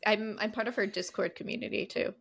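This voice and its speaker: Gravelly-voiced woman podcast host. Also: medium pitch, fairly quick. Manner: relaxed, supportive, brief replies. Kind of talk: casual chat.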